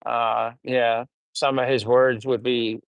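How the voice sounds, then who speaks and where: Brief: middle-aged American man, easygoing livestream host, rambling chat with fillers, smooth clear voice, dry close recording. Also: medium pitch, slow, no room sound. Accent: General American. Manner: relaxed, rambling, many fillers. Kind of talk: casual livestream chat, reading comments.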